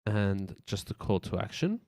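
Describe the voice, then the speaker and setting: Speaking at a normal pace in a warm, fairly low, sing-song voice, this streamer casually narrates his work on a website layout. He rambles, thinks out loud, and throws in playful beeps, captured with clean studio sound and no room noise.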